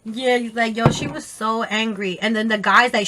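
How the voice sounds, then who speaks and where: A woman tells a story to her camera in a casual, animated, profane way, full of slang and quoted voices. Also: on the high side, fairly quick, hardly any pauses. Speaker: vlogger.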